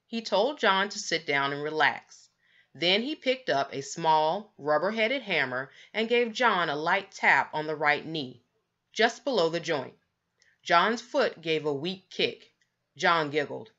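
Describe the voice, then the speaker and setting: Expressive woman reading a storybook aloud. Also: sits low, highs cut off. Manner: expressive, measured narration. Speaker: storybook reader. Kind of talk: children's book read-aloud.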